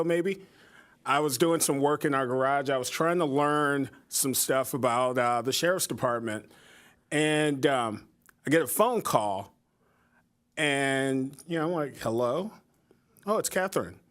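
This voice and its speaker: A man speaks at a podium microphone in a slightly high voice and a very unhurried pace. He tells a relaxed, friendly story, often filling pauses with "um". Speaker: public commenter. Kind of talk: public comment tribute. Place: city council chamber.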